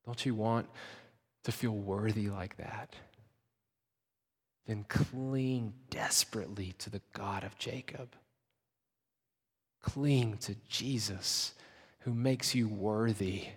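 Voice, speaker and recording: A man preaching a sermon with passion, rising to loud emphasis and dropping to hushed, intimate lines. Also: fairly low pitch, takes it slowly, pauses often, slightly rough, in a large hall. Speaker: pastor.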